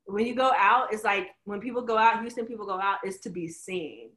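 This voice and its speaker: A woman talks in casual group chat, quick and animated. Her voice is bright and forceful. The room around her is echoey. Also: mid-range voice. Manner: animated, laughs often, speeds up when making a point.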